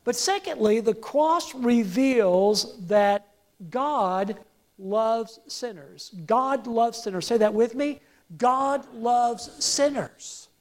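A woman preaching to her church in a slow, deliberate delivery. She leans hard on her central phrases and repeats them, drawing the congregation into call-and-response. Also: on the high side, a little mellow. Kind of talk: sermon. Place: church service with projected slides.

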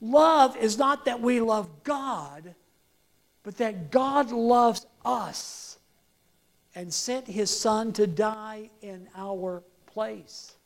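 A woman preaching to her church in a slow, deliberate delivery. She leans hard on her central phrases and repeats them, drawing the congregation into call-and-response. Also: on the high side. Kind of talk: sermon. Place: church service with projected slides.

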